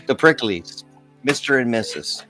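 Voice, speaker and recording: A man in a casual podcast chat who chimes in with short, eager comments and laughs along. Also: mid-range voice.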